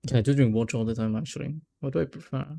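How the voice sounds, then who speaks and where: A man's voice: medium pitch, rapid-fire, creaky, warm tone. A man streaming a video game in casual chat, rambling, laughing and stumbling over names as he reads. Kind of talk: casual let's-play chat.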